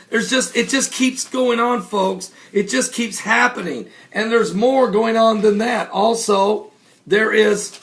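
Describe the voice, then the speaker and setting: An American man promotes his broadcast in a studio, his voice high and gravelly with a bright, sharp edge. He talks in bursts, piling up exclamations of disbelief and hopping from one item to the next. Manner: exclamatory, incredulous outbursts, rapid topic jumps. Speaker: radio show host and preacher. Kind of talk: excited show promo monologue.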